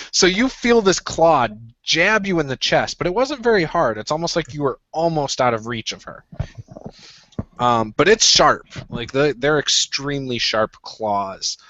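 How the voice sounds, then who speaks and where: Man, game master, relaxed narration, chatty, dull lo-fi recording, dry sound. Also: a little high, measured pace, dry recording. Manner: relaxed, chatty, with frequent "uh" and "um" fillers. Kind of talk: running a tabletop game, casual narration.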